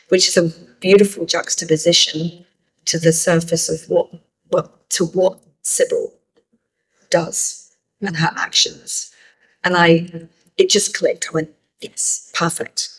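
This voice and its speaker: A woman's voice: on the low side, slightly rough, rough recording. A middle-aged woman film director answering interview questions thoughtfully, with frequent restarts. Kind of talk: festival interview.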